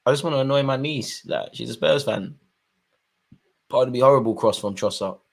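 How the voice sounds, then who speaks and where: A young man giving excitable live commentary on a football match, shouting at players and the referee. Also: medium pitch, fairly quick, creaky. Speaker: football fan channel host.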